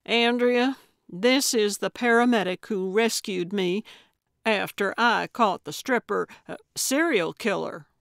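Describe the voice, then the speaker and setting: A woman voicing an excitable, eccentric older female amateur sleuth in an audiobook, gleeful about crime. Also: medium pitch, a little slow, creaky, no room sound, studio quality. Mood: eager. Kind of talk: audiobook character voice.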